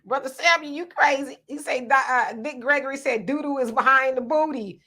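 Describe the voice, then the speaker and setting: A woman's voice: high-pitched, brisk, pushed and bright. A woman hosting a live online discussion, sassy and playful as she reads viewer comments aloud. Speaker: host of a live stream.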